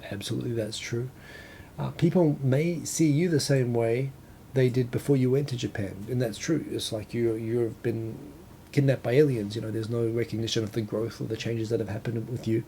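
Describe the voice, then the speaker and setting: A middle-aged New Zealand man hosts a casual live talk show, his accent softened after years abroad. His voice is gravelly and dark, and he rambles through a list with lots of restarts and asides. A faint rumble sits under the recording.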